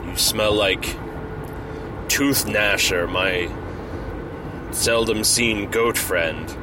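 A man voicing Thor as a hearty, boisterous male thunder god with old-fashioned formal address, over a steady background hum. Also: fairly low pitch, very slow, far from the mic. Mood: jovial.

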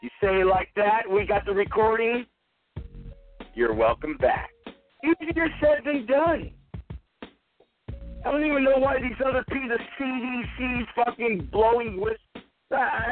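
A man's voice: extremely high pitch, animated, normal speed. A man hosting a live stream radio show, swearing nonstop in an angry rant while drinking. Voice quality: heavy swearing, combative. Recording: tinny phone-like line, faint music.

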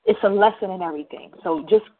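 A woman hosting her radio show, telling a story in a loose, slangy, animated way. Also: medium pitch, fast, phone-quality sound. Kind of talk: casual monologue. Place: New Jersey.

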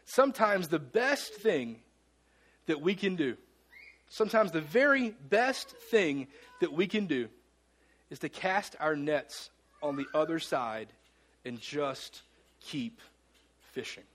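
A man preaching a sermon as the pastor of a church, earnest, with dramatic pauses and slowed words for emphasis. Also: fairly high pitch, animated, fairly bright tone. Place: church sanctuary.

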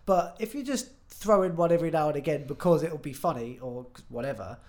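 A man's voice: a little high, lively intonation, darkish tone. A man, a guest musician on a podcast, chatting casually and telling stories full of asides and self-corrections. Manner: rambling storyteller, quick asides and self-corrections.

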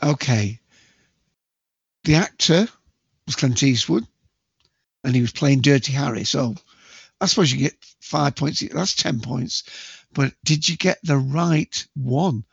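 A man hosting a casual movie quiz, chatty and jokey, with bursts of loud quote acting. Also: mid-range voice, takes it slowly, creaky, pauses often, slightly rough, no echo. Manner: chatty, jokey, self-mocking, acts out movie quotes loudly. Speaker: quiz host. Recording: dull lo-fi dry home recording.

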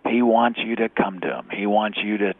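A man, an executive recruiter, telling a faith story in an animated way, acting out the dialogue and dropping to a whisper at times. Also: fairly low pitch, normal speed, no room sound. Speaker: executive recruiter, guest speaker. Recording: tinny phone-like radio audio.

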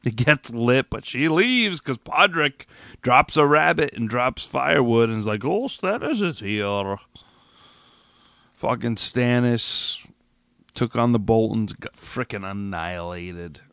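In a solo episode, a podcast host reacts to a TV finale, his medium-pitched, fairly bright voice unhurried and touched with vocal fry, with no echo. He rambles, swears, restarts a lot, and sounds agitated and a little tipsy.

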